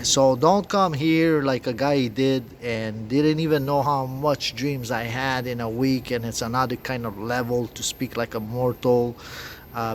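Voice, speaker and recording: A man with a French accent and French as his first language, talking in a rambling, profane, agitated monologue with many halting restarts. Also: medium pitch, slight background noise.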